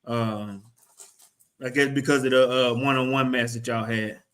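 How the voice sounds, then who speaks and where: A man's voice: mid-range voice, steady tone, measured pace, fairly bright tone, clean tone. A man co-hosting a casual sports talk show, stammering and restarting his sentences. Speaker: podcast co-host.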